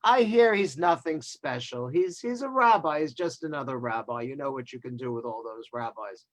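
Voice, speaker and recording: A man's voice: mid-range voice, animated, moderate pace, close to an everyday voice. A man voicing a humble old rabbi sage who plays himself down with mild understatement. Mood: dismissive.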